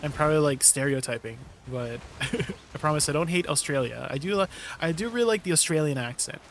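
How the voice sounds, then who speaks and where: A man's voice: a little high, expressive, brisk, a bit bright, a little hiss or hum. Chatty young man streaming live. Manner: chatty, easily amused, riffing on chat messages. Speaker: livestreamer reading chat. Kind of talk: casual chat with viewers while gaming.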